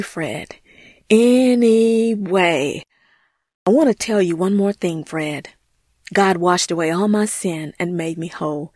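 A woman's voice: lowish voice, no echo, studio quality. A woman voicing an earnest, grateful churchgoing woman in an amateur audio drama, speaking heartfelt and sincere. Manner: heartfelt, earnest, often says his name.

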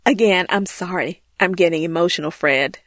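A woman's voice: lowish voice, moderate pace, a bit bright, no echo, clean studio sound. A woman voicing an earnest, grateful churchgoing woman in an amateur audio drama, speaking heartfelt and sincere. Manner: heartfelt, earnest, often says his name.

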